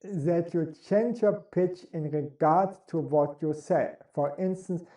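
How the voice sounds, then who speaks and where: A man giving a spoken lesson on how to use the voice, in deliberate, non-native English and demonstrating sounds as he goes. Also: a little high, warm tone. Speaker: voice and speaking coach. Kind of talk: instructional talk on speaking. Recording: roomy echo.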